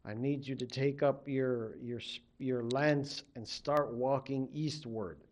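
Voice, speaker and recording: A man voicing a calm male spirit who lives on the moon, giving steady orders in his own storytelling voice. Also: medium pitch, takes it slowly, close to an everyday voice. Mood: commanding.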